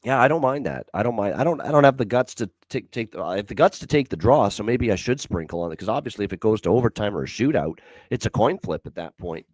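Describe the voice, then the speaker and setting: Deep-voiced man breaking down betting picks. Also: big pitch swings, fast talker, dry recording. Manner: frequent fillers, repeats key stats. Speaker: betting show host. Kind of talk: sports betting analysis.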